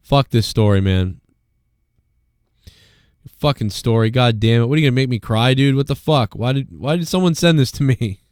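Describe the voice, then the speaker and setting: A man hosting a live stream, ranting and swearing his way through one topic after another. His voice is smooth and clear, sitting at a middle pitch. The sound is dry and close, with no room around it. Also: moderate pace, long pauses, a little mellow, no echo. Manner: profane, ranting, rambling. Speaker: live show host. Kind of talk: casual live-stream rant.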